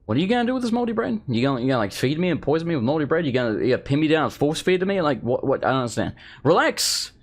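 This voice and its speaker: Lively English man rambling over gameplay. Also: a little high, racing, hardly any pauses. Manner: rambling, joking, self-deprecating. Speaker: gaming video host. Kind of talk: let's play commentary.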